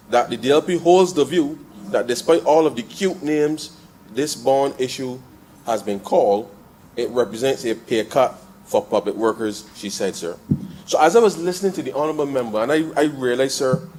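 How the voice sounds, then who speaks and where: A man with a Barbadian accent giving a parliamentary debate speech in the chamber, calling the chair "sir" almost every phrase and repeating lines as he builds to forceful points. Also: medium pitch, animated, moderate pace, slight background noise. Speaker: member of parliament.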